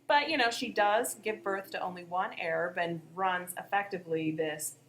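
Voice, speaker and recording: Lower-voiced woman explaining history. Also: moderate pace, fairly bright tone, slight background noise. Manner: explanatory, conversational. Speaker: history teacher, podcast co-host. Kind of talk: educational podcast discussion.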